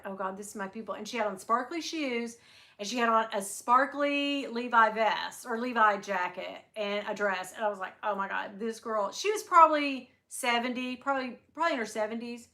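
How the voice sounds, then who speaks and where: A woman, hosting her handbag channel's livestream and chatting casually, telling stories with quick asides to her viewers. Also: on the high side, fairly bright tone.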